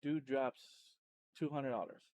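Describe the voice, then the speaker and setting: A man, a streamer and podcast host, telling his story in a loose, rambling way, full of restarts and self-corrections, and getting animated when he retells exciting moments. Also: medium pitch, a little slow. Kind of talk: casual personal storytelling.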